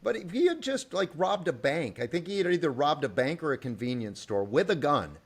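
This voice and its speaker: Man hosting a relaxed podcast chat. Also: on the high side, moderate pace, vocal fry, a little hiss or hum. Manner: relaxed, detailed storytelling with asides. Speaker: podcast host. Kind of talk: casual conversational interview.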